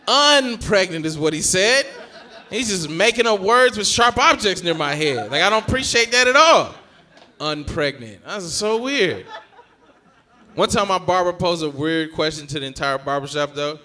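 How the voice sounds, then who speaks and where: A young male stand-up comedian with a high voice, telling his bits in an animated way. His tone is bright and forceful, and he pushes loud punchlines at the crowd. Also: unhurried.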